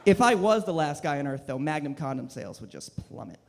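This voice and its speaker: A man in his twenties performing a deadpan, self-deprecating stand-up set on a comedy club stage into a handheld mic. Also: fairly high pitch, fairly quick, vocal fry, background noise.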